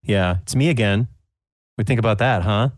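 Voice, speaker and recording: A man's voice: on the low side, normal speed, no room sound, studio quality, lightly acted. A man voicing a bitter rival baker who grumbles sarcastically. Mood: sour.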